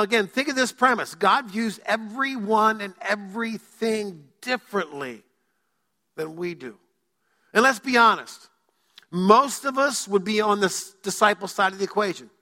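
A male pastor preaching a sermon in a church, joking with the congregation and using dramatic pauses. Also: high voice, bright, forceful tone. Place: church sanctuary. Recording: long hall reverb.

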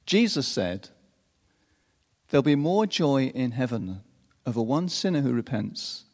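A man preaching a sermon in an unhurried, expressive way, chuckling often between phrases. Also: mid-range voice. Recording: long reverb of a large hall.

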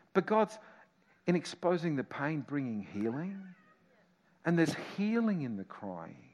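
A man's voice: fairly high pitch, long reverb tail. Impassioned male pastor preaching a sermon. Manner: impassioned preaching, swings from loud exhortation to quiet reflection.

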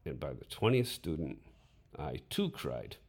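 A man's voice: very deep voice, big pitch swings, a little slow, a little mellow, breathy edge. A man reading his own memoir story aloud, dramatic in delivery and voicing his inner thoughts.

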